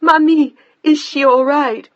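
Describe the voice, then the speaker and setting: A narrator voicing a frantic mother calling overseas, urgent and pleading, shouting into a bad phone line. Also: mid-range voice, normal speed, breathy edge.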